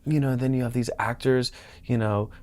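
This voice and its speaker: A man's voice: medium pitch, normal speed. A man in his thirties, an actor, chatting casually in a podcast interview and acting out the voices of people he talks about. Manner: animated storytelling, mimics other people's voices. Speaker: actor guest.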